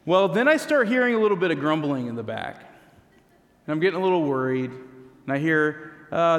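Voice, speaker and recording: Pastor preaching in a reverberant hall. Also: male voice, fairly high pitch, sing-song, normal speed, fairly bright tone. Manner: conversational storytelling with self-deprecating humor. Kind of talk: sermon with personal story.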